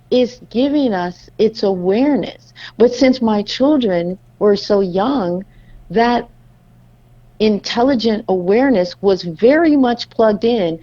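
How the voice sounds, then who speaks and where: A woman's voice: on the high side, muffled recording. A woman co-hosting a podcast, telling a story in casual chat and acting out her family's lines. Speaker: podcast co-host.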